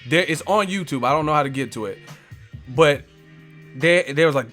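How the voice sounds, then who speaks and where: Man on a live stream, higher voice, laughing storyteller, faint music behind. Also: brisk, a bit bright. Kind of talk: casual live-stream chat.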